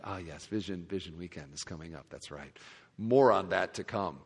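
A male pastor preaching a sermon to a congregation, expressive, dropping to quiet asides and rising to loud emphasis. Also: sits low, normal speed, gravelly, a little hiss or hum. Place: large church sanctuary. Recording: long reverb of a large hall.

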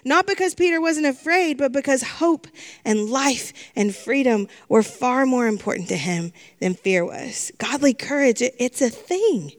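A woman's voice: sits high, animated, unhurried. A middle-aged woman pastor giving a sermon in an earnest way, repeating phrases for emphasis.

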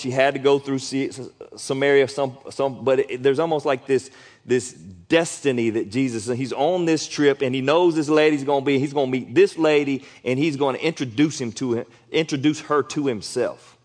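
Animated, conversational male preacher. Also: moderate pace. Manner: animated and conversational, acting out quotes with sudden loud high bursts. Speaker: pastor. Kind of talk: sermon.

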